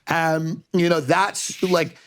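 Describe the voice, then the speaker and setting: High-voiced man ranting sarcastically. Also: level tone, slow pace, a bit bright, a little hiss or hum. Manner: rambling, sarcastic, puts on voices for bits. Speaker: comedian guest. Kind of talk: comedic rant on a podcast.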